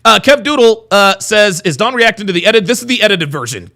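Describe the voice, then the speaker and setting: A man's voice: high voice, expressive, brisk, pushed and bright. A man hosting a livestream, reacting to a video and reading chat, profane and repeating himself in disbelief.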